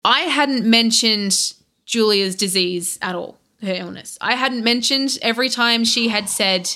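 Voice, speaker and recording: A young woman with a fairly high, crisply bright voice talks on a podcast as a guest. She tells a story in a loose, rambling way, stopping and restarting often and packing her sentences with fillers. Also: unhurried. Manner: rambling, animated retelling with many fillers and restarts. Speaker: podcast guest, content creator. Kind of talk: casual podcast chat.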